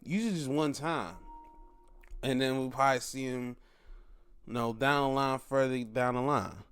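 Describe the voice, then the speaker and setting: A man reviewing wrestling shows in casual commentary, excitable and profane, often putting on mock outrage. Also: mid-range voice, moderate pace, smooth, faint music behind.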